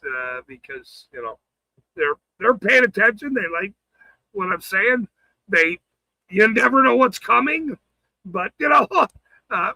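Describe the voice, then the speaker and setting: Male streamer, angry profane rant, sharp bright voice, lively pitch swings. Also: creaky, no room sound, low-quality recording. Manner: profane, taunting, swings between shouting and muttering. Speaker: livestream host. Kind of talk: angry ranting livestream.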